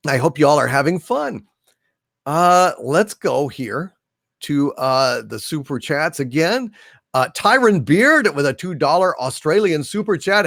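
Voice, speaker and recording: A man's voice: fairly high pitch, expressive, a little slow, vocal fry, fairly bright tone, no room sound, clean studio sound. A man hosting a live stream who reads viewer chat messages aloud and greets viewers theatrically. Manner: theatrical, hailing viewers grandly.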